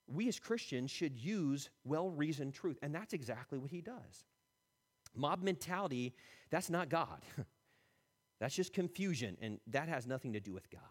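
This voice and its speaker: A man preaching a sermon as a pastor, animated, acting out quotes and chuckling between points. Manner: animated, acts out quotes with shifting pitch and loudness. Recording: long hall reverb.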